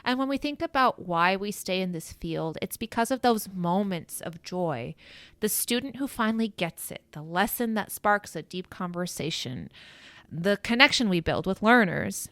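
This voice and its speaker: A woman's voice: medium pitch, expressive, moderate pace, fairly bright tone, no room sound. A woman co-hosting a teaching podcast in casual, upbeat chat, laughing easily. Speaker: podcast co-host.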